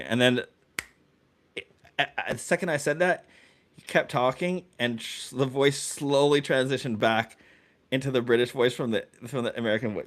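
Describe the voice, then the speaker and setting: A man co-hosting a podcast in casual chat, talking excitably and restarting his sentences often. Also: medium pitch, moderate pace. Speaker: podcast co-host.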